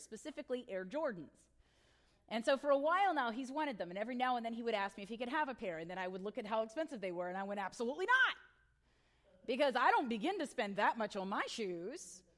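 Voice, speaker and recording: Chatty woman pastor, sermon story. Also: a little high. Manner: conversational storytelling with asides and tag questions.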